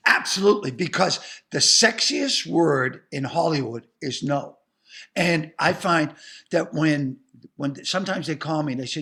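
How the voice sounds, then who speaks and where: An older man with a Boston accent telling stories in an interview, animated and profane, acting out voices. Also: fairly high pitch, measured pace, gravelly. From Boston area. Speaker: guest comedian. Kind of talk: storytelling interview chat.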